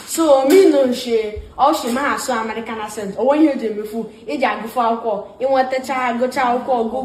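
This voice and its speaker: A woman's voice: a little high, echoey room, a little hiss or hum. A woman student with a Nigerian Igbo accent, earnestly persuading and switching between Igbo and English.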